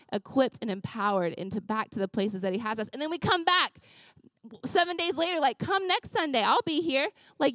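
A woman pastor telling casual, animated stories in a conversational sermon. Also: high voice, dry recording. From Louisiana.

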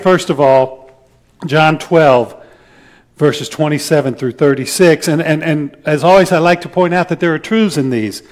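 A man with a Midwestern American accent preaching a sermon as pastor, earnest and emphatic, dropping soft at the ends of his points. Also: fairly high pitch.

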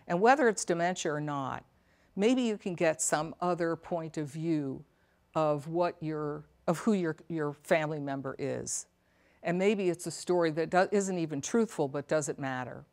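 Middle-aged woman, low voice, earnest and reflective therapist addressing caregivers, checks in with the audience. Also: normal speed, darkish tone. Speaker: psychotherapist and elder care coach. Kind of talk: talk to a caregivers' support audience.

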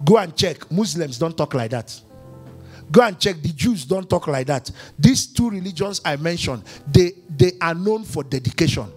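A man preaching a sermon as pastor, emphatic and repetitive, swinging between quiet and loud. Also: a little high, expressive, normal speed, breathy edge, soft background music.

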